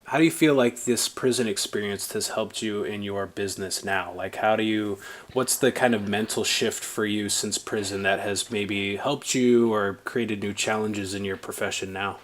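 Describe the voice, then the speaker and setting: A man's voice: fairly low pitch, normal speed. A man hosting a podcast interview, talking casually with many fillers and restarts. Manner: casual, full of "like" and "I mean" fillers. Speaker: podcast host.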